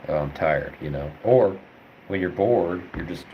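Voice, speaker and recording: Deep-voiced young man thinking aloud. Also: animated, a little slow, dull audio, slight background noise. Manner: rambling, thinks aloud with many fillers. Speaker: veterinary student streamer. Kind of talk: casual study livestream, answering chat.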